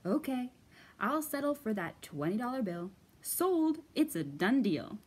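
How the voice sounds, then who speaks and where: A woman voicing a sly, fast-talking male fox salesman in a children's storybook reading, with a smooth, salesy patter. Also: fairly high pitch, sing-song, darkish tone, heavily acted.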